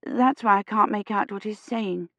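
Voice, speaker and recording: A woman voicing a frightened young historian, her words halting and shaky with fever. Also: medium pitch, fairly bright tone, dry recording, highs cut off, lightly acted. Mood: fretful. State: teeth chattering with fever.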